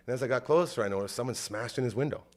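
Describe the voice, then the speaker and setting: A man's voice: medium pitch, rapid-fire. A man hosting a podcast, telling an emotional story in a rambling, casual way with lots of "like". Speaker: podcast host. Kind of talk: casual chat.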